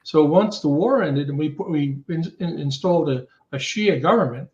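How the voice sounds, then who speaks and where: A man's voice: a little high, animated, moderate pace, darkish tone. Analytical man on roomy, dull audio. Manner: analytical, laying out causes step by step. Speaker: guest, intelligence studies professor. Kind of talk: casual chat, explaining.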